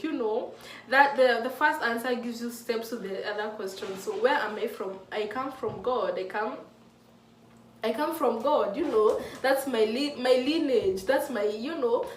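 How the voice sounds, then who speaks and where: A woman's voice: fairly high pitch, a little hiss or hum. Earnest young woman in an echoey room. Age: mid-20s. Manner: earnest, emotional, many restarts. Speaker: faith vlogger. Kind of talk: casual heartfelt talk to camera. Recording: echoey room from a distant mic.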